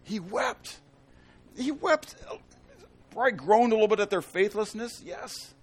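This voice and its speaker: A middle-aged man preaching a sermon, asking his congregation questions, swinging between loud emphasis and hushed tones. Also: high voice, lively intonation, unhurried. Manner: asks the congregation fill-in-the-blank questions. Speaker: pastor.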